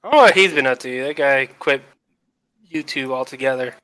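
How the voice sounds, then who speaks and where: A man's voice: medium pitch, moderate pace, fairly bright tone, poor audio. A man co-hosting a live-stream chat, reading viewer comments aloud and asking joking questions with frequent laughter.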